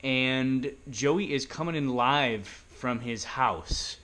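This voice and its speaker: A man's voice: mid-range voice, slow pace, a bit bright, slight background noise. A man hosting a live short film contest, introducing each filmmaker. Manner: upbeat, introduces acts.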